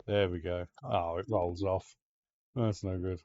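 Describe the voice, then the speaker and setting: A man giving let's-play gameplay commentary as a streamer, excitable, swearing and talking to the game's pets. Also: deep voice, measured pace, muffled recording, slight background noise.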